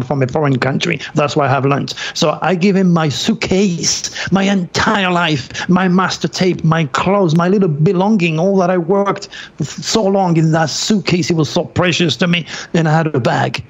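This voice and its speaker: A middle-aged man from France telling a personal story in an excitable, dramatic way, with slips in his grammar. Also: fairly high pitch. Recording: dull lo-fi recording.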